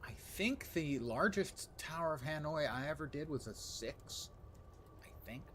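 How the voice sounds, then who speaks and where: A man's voice: on the high side, animated, measured pace, a bit bright. A man streaming a puzzle game live, reading its text aloud, muttering to himself and making dry jokes to his chat. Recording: audible background noise.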